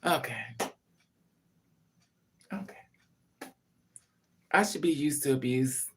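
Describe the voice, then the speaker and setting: Animated, frank woman telling a story. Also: very deep voice, slow. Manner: animated, swings between loud and hushed, laughing; frank and profane. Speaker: vlogger. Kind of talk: casual storytelling.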